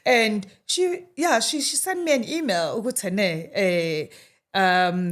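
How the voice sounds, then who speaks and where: An animated South African woman in her thirties shares her story as a podcast guest. She switches easily between English and Zulu phrases and acts out the voices of the people she quotes. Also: mid-range voice, slow. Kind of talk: casual storytelling interview.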